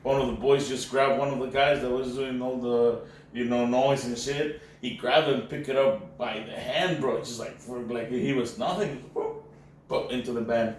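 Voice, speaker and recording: An animated man from Mexico, a native Spanish speaker, who tells stories in a loose, slangy way, full of "bro"s and restarts. He is picked up from a distance by the mic. The room is very echoey, with a faint hiss behind him. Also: mid-range voice, normal speed. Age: adult, former university professor. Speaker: podcast host. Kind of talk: casual storytelling chat.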